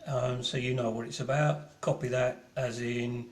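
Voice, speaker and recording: A man's voice: medium pitch, little pitch movement, normal speed, echoey room. A man with a broad Cockney accent hosting an online gallery private view, chatting casually with lots of ums and restarts, cheerful swearing. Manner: rambling with many ums and restarts. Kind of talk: casual live-streamed gallery talk.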